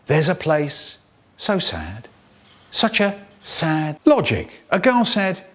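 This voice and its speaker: Animated man telling comic stories. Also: a little high, slow pace. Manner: expressive, animated, swooping delivery. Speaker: storyteller. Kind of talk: comic storytelling, spliced edit.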